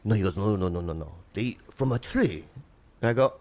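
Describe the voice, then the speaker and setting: A man in his fifties, chatting casually and acting out stories with big swings in his voice. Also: fairly quick. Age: 50s. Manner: animated storyteller, acts out voices with big pitch jumps. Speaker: podcast co-host. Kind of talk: casual comedic chat.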